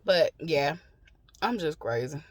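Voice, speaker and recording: A woman's voice: deep voice, animated, takes it slowly, no room sound. A woman venting bluntly and profanely to her phone camera from a parked car, laughing often between lines. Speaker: vlogger. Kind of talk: casual rant to camera.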